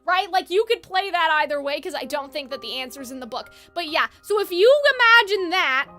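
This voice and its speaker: Woman streamer, very high and sharp-toned; chatty, rambling, self-correcting live talk. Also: lively intonation, brisk, soft background music. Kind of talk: casual live-stream chat.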